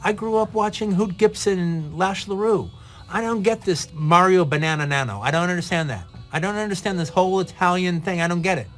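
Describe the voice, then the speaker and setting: An earnest, cocky cowboy actor, as a man retelling a story voices him, pushing his point over and over. The pitch is a bit higher and the voice louder than the teller's own. Faint music sits behind. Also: brisk, natural voice. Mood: pleading, insistent. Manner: earnest, insistent, repetitive.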